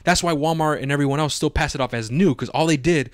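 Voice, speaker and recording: A man co-hosting a podcast, telling a long story in casual chat, animated and profane, acting out his own reactions. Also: fairly high pitch, fast, dry recording, clean studio sound. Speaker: podcast co-host.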